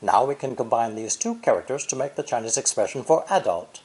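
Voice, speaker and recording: Lively-pitched man narrating a language lesson. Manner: measured, clear explanations with repeated demonstration syllables. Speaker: language teacher. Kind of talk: scripted educational narration.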